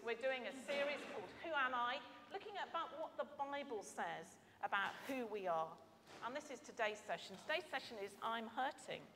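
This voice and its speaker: A woman's voice: on the high side, noisy background. A woman leading a children's talk in a church service, asking the children questions and then praying. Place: church hall. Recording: echoey church with long reverb.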